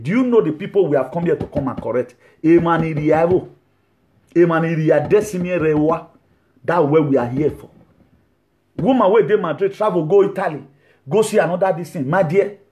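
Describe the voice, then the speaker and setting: A man delivers a sermon in a high, bright-sounding voice. He talks animatedly and often slips into laughter between his points. He then turns to loud, scolding rebukes. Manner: animated, swings from laughing asides to shouted rebukes. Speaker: preacher.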